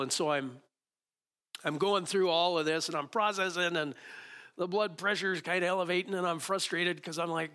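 A middle-aged male pastor preaching a sermon, acting out his prayers and his dialogue with God in lively, animated bursts. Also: sits high, moderate pace, clear, resonant tone.

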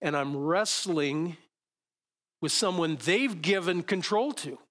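A man's voice: fairly high pitch, slow pace, fairly bright tone. A male pastor preaching to a congregation in a conversational way, often restarting his sentences as he coaches volunteers through a demonstration on stage. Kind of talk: sermon with live stage demonstration. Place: church stage before a congregation.

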